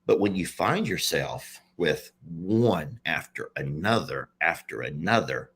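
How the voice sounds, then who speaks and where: A man who runs an animal sanctuary, talking through his mistakes in a halting, repetitive, confessional way, close to tears. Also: very deep voice, lively intonation, fairly bright tone, breathy edge. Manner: halting, repeats himself, confessional. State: near tears. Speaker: animal sanctuary owner and page host. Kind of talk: emotional personal vlog.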